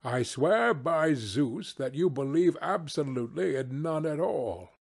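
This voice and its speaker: A man reading an audiobook, voicing a stubborn male accuser at an ancient trial with terse, flat replies. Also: a little high, unhurried, creaky, husky, exaggerated voice. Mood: curt.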